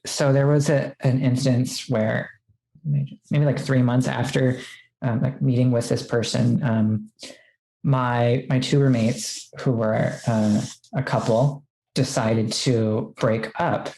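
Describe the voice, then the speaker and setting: A woman's voice: extremely low pitch, fairly even intonation, slow pace, gravelly, warm tone, reverberant, poor audio. A woman as a podcast guest, telling a personal story in casual chat, full of "like" fillers and quoting what she said. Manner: chatty, many "like" fillers, quotes herself.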